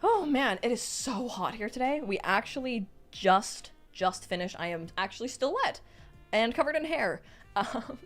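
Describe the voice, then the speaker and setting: A young woman streaming live, reading out chat messages and reacting in a bubbly, excitable way. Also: a little high, normal speed, soft background music.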